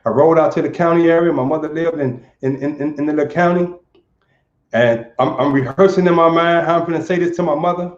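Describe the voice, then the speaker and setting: Telling a personal story before a live audience, this Saint Louis man talks fast in a high-leaning voice. He's earnest and trips over repeated words, captured in roomy, dull lo-fi sound.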